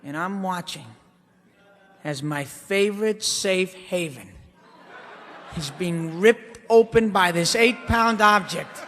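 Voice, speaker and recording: A man performing a brash, animated stand-up monologue, swinging between loud outbursts and hushed asides. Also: high-pitched, takes it slowly, big-room sound, slight background noise. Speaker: comedian. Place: theater stage.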